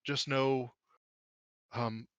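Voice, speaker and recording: A man voicing a stern, formal noble father who speaks in a measured, blunt way. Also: medium pitch, fairly even intonation, smooth, no echo, muffled recording.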